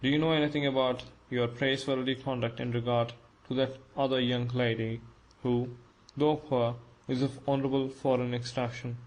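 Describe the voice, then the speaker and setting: Stern official, curt and emphatic, read by a man, even flat tone; storybook reading. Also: medium pitch, normal speed, lightly acted, low-quality recording.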